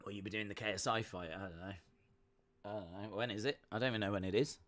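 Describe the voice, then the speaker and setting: A man's voice: on the low side, fast talker, a bit bright. A man hosting a fight-night watch-along stream, chatting casually, reading chat messages and making jokey asides.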